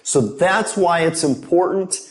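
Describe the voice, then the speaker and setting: A man teaching English pronunciation at a slow, unhurried pace. His voice sits a little high for a man, and he lays out each word with care. He sounds upbeat and patient as he models sounds for learners. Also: animated. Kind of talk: pronunciation lesson.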